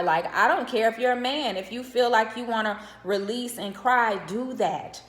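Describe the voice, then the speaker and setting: A woman's voice: on the high side, moderate pace, few pauses. A middle-aged woman, a widow, giving direct, earnest advice in a vlog, counting off her tips and checking in with the viewer. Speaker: widow sharing grief advice. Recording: roomy echo.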